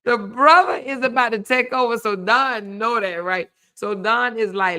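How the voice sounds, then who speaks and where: Bright, slow-talking woman hosting a live stream. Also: fairly high pitch, sing-song. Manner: chatty, laughs often, reads out viewer names and thanks them. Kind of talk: casual live stream chat.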